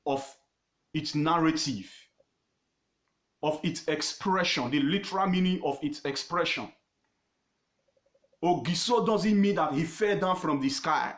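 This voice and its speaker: A man with a Nigerian accent teaching history informally on his own page, emphatic and repetitive, pausing often with fillers. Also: high-pitched, roomy sound. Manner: emphatic, repeats words, pauses with fillers.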